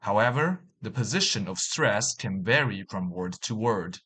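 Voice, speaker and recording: A man narrating a scripted beginner language lesson, reading out examples slowly and deliberately. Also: on the low side, animated, a bit bright, breathy edge. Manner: slow, deliberate, reading out example words and sentences. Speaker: language teacher.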